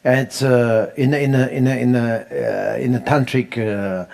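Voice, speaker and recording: A man, teaching how to pronounce mantras in an unhurried, laughing way, chanting them as he goes. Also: mid-range voice, fairly even intonation, vocal fry, a little mellow. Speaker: Buddhist teacher. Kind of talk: dharma teaching on mantra pronunciation.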